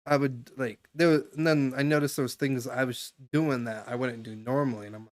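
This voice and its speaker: During a live stream, a young man rambles at length while giving a stranger casual advice, his speech full of fillers and restarts. He has a mid-range, steady voice and talks a little fast.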